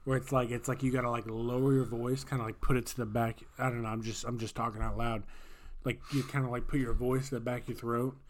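A man's voice: medium pitch, flat delivery, quick pace, a little hiss or hum. A man co-hosting a casual podcast, joking and rambling. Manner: jokey, rambling, playful put-on voices. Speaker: podcast co-host. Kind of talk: casual chat.

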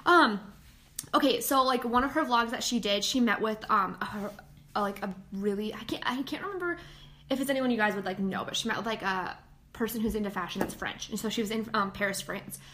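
Woman, podcast co-host, casual chat, filler-heavy, mid-pitched. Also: a little fast. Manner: chatty, many "like" fillers, animated retelling.

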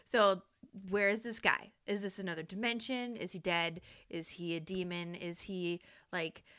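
This podcast host is a young woman with a medium-pitched voice. She relates a story casually and with plenty of energy, often breaking into laughter and swearing freely.

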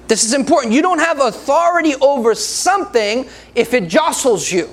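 Male preacher, very high voice, a gravelly edge, laughs a lot, playful with the congregation. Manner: laughs often, jokes with the congregation. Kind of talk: sermon.

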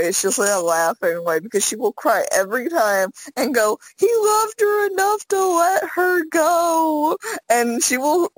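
A woman co-hosting a podcast, chatting casually and animatedly, often slipping into high quoted voices. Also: no room sound, low-quality recording. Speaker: podcast co-host. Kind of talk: casual chat.

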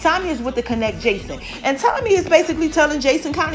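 A woman hosting a casual podcast recap, chatty and animated, acting out the characters' lines in quick asides. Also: sits high, faint music behind. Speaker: podcast host recapping a TV episode. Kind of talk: casual chat.

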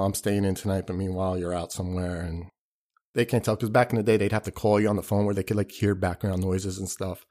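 A low-voiced man hosts a podcast, rambling through a casual comedic monologue. He swears freely, mocks himself and acts out the people he quotes. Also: darkish tone. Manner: rambling, profane, self-deprecating. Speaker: podcast host.

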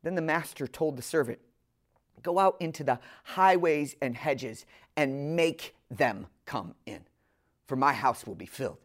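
A woman delivers a sermon straight to her listeners, earnest and emphatic, slowing down on key phrases. Her voice is low and animated.

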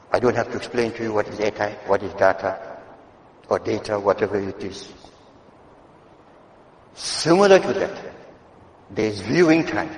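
An older man giving a Friday sermon in a mosque, moving from quiet asides to loud, emphatic exhortation and wry teasing of the congregation. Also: lowish voice. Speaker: mosque preacher. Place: mosque prayer hall. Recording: echoey hall with long reverb.

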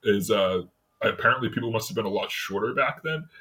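Brisk, husky, and sharp-toned, with a fairly low pitch, this man is a city worker guesting on a podcast. In casual chat he tells meandering stories, restarting often and laughing a lot.

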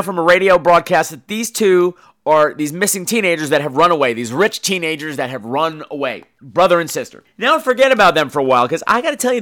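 A man's voice: on the high side, pushed and bright. A man hosting a podcast, reviewing a horror film in a casual, jokey and profane monologue.

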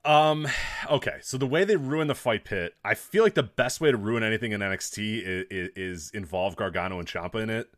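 A man's voice: lowish voice, a little fast. A man co-hosting a podcast, chatting casually about wrestling, swearing freely and laughing often. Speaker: podcast co-host.

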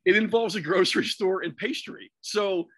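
A man's voice: sits high, normal speed, a loud crowd. A man casually telling a long, profane story on a podcast, rambling through restarts and fillers. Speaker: podcast guest or host.

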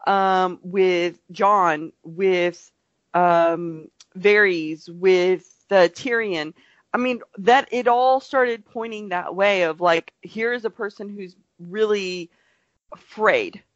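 A woman's voice: medium pitch, no room sound. A woman speaking on a podcast over a remote call, and the sound is dry and dull. She rambles with plenty of fillers and acts out little quotes as she makes her point. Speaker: podcast co-host. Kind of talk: casual podcast chat.

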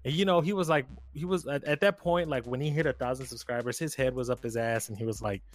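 A man's voice: medium pitch, fast, faint music behind. A man co-hosting a casual podcast, telling a story animatedly with slang and plenty of swearing. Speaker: podcast co-host. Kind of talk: casual chat.

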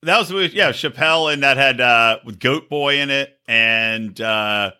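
A man's voice: mid-range voice, a little slow, pushed and bright, smooth. A man hosting a podcast, telling profane stories and teasing his co-host, laughing often. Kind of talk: crude casual banter.

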